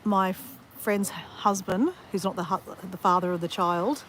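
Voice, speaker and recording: A woman's voice: on the low side, steady tone, a little slow, a bit bright, slight background noise. An Australian woman rambling in casual chat to her viewers as she walks outdoors. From Southeast Queensland, Australia. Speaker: vlogger. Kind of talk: casual livestream chat while walking. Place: outdoors near a beach.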